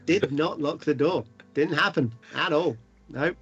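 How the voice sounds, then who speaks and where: A man's voice: a little high, unhurried, fairly bright tone. Jokey guy rambling thru his turn in a tabletop game, muffled stream audio, faint music. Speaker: player. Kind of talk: tabletop game play, casual chat.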